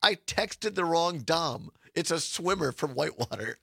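A man's voice: on the high side, expressive, unhurried, vocal fry, pushed and bright, husky, dry recording. A man hosting a casual radio talk show, chatty and laughing often as he reads promos.

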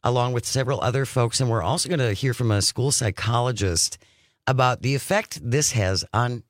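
A woman's voice: a bass voice, fairly quick, dry recording. A woman hosting a radio talk show, chatting casually and reading news items aloud in a studio. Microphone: studio microphone.

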